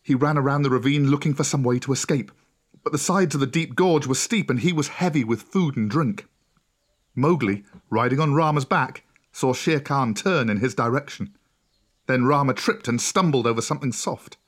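A man narrating a children's storybook in a steady, clear voice. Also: mid-range voice, moderate pace. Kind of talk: storybook reading.

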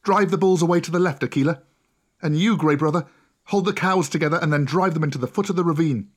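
A man's voice: a little high, lively intonation, fairly quick, pitched above the performer's own voice. A man voicing a bold boy raised by wolves, calling out eager commands. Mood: commanding.

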